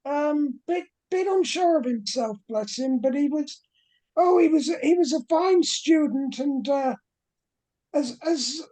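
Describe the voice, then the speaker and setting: A woman puts on a posh British accent for an eccentric, flamboyant male professor in a tabletop game. He rambles in a fussy, chuckling way, and his voice sits a notch above her own mellow, unhurried tone. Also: sits high, voice pushed up. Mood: flustered.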